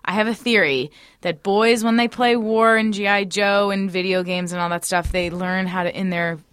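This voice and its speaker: A woman chatting playfully and telling little stories with lively energy in a casual podcast conversation. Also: medium pitch, moderate pace, clean tone, dry recording. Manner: playful, animated storytelling.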